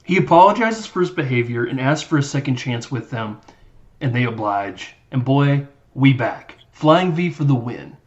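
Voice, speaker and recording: A man's voice: mid-range voice, animated, moderate pace, dull audio. A man hosting a podcast, recapping a movie in casual, rambling chat and acting out lines in silly voices. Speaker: podcast host.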